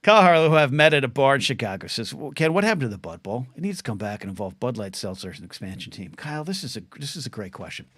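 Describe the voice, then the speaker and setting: A man's voice: mid-range voice, sing-song, fast, few pauses, a bit bright, no echo. Guy doing a solo podcast livestream, rambly and jokey, keeps restarting sentences, dry close sound. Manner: rambling, self-interrupting, jokey. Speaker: podcast host.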